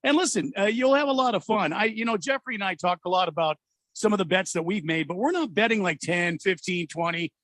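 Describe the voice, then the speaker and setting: Male sports radio host, high voice, halting "uh"-filled delivery, dry studio mic. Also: a bit bright, no echo. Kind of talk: casual radio talk with live ad reads.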